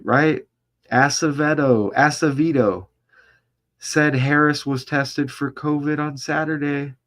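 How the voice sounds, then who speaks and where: A man reads an article aloud at an unhurried, drawn-out pace, his voice sitting in a middling register. He stops often to add his own remarks, asks rhetorical questions and stumbles over unfamiliar names. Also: mid-range voice, fairly bright tone. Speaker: vlogger. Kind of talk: reading an article aloud with running commentary.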